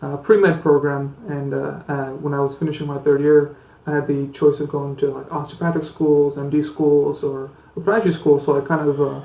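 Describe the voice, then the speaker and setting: A man's voice: fairly high pitch, flat delivery, normal speed, vocal fry, mellow. A man co-hosting a podcast as a foot and ankle surgeon, talking casually with lots of fillers in a laid-back way. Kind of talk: casual conversational podcast chat. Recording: echoey room.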